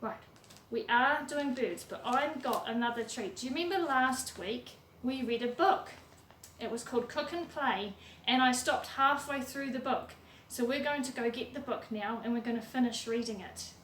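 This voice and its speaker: A woman who leads a children's music session online, reading a picture book aloud in a sing-song, animated way, with gasps and questions for the little ones. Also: on the high side, normal speed, slight background noise. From New Zealand.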